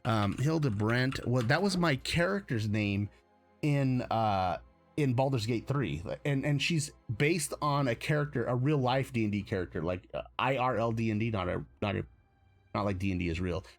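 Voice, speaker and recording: A man of middle pitch chats loosely on his live stream, wandering from thought to thought and correcting himself as he goes. He chuckles often and keeps the tone easygoing. Soft music runs quietly behind him. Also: animated, normal speed. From United States. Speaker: streamer host. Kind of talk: casual live-stream chat.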